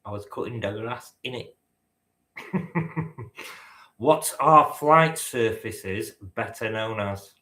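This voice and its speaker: A man's voice: on the low side, lively intonation, slow, long pauses, pushed and bright. A man hosting a live-stream quiz, bantering with the chat, teasing and swearing casually. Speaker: quiz host. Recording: roomy echo.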